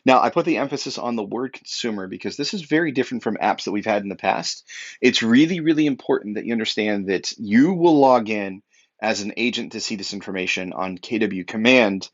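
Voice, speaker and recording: A man's voice: on the low side, fairly quick, lo-fi sound. Upbeat man giving a training walkthrough. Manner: upbeat and emphatic, with frequent fillers. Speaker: real estate technology trainer.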